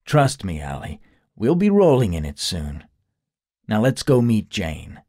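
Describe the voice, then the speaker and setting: A man voicing a wisecracking ex-cop turned private eye in a storybook audiobook. He prods and jokes in a lowish, raised voice. Dry, close sound. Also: huge pitch swings, a little slow, a little mellow, no echo, full character voice. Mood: confident. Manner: joking, prodding.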